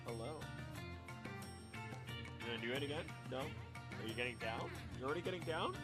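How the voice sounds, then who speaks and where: A man chatting casually on a live stream, animated and talking to himself and his pet. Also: medium pitch, moderate pace, loud music behind the voice. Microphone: desk microphone.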